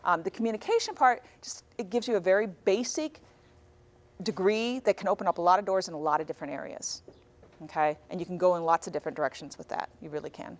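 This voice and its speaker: A woman in her forties, a guest speaker talking to a high school class in a classroom. She tells stories lively and acts out the dialogue. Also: fast. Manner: animated storyteller, acts out dialogue.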